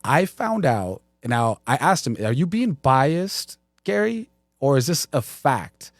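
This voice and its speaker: A man co-hosting a live show, telling stories in a casual, animated way and acting out what others said. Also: medium pitch, measured pace, no room sound, clean studio sound. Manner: animated storyteller, quotes others. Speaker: co-host. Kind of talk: casual chat.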